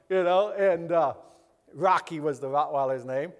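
A middle-aged man, a pastor, tells a personal story in a slightly high voice. He wanders through it with restarts and plays out the other people's voices as he goes. His voice rings with long reverb, as in a hall. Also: animated, normal speed. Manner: rambling, with many restarts.

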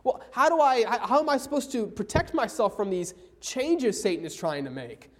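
A man preaches a sermon with an animated, swooping voice that rises and falls across each sentence. He drags out the phrases he wants to stress and slips into old scripture wording when he quotes. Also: very high-pitched. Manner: emphatic, slows down for key phrases.

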